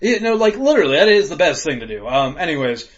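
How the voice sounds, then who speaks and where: A man co-hosting a casual podcast, chatting profanely, laughing often and bursting into loud acted-out rants. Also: a little high, fast. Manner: animated, laughs a lot, acts out rants in loud voices. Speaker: podcast co-host. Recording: dull lo-fi podcast audio.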